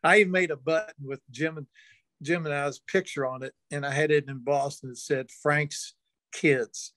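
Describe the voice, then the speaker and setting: A man's voice: a little high, steady tone, normal speed, fairly bright tone, no echo. An older man, an interview guest, telling a long folksy anecdote and chuckling now and then. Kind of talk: storytelling in an interview.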